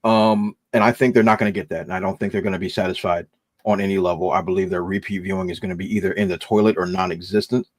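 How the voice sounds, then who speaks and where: A man with a lowish voice speaks as a panelist in a casual chat. He gives firm opinions and lets his voice sink at the ends of remarks. The recording is dry. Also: steady tone, fast, dry recording.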